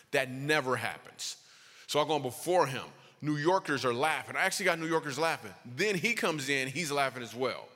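A man doing stand-up storytelling as a comedian, animated, his voice leaping high for punchlines. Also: moderate pace. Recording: long reverb of a hall.

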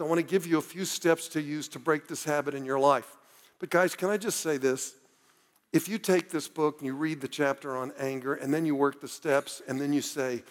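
A man's voice: fairly high pitch, long reverb tail. A man preaching a sermon as a pastor, talking earnestly and directly to his listeners, pleading with them.

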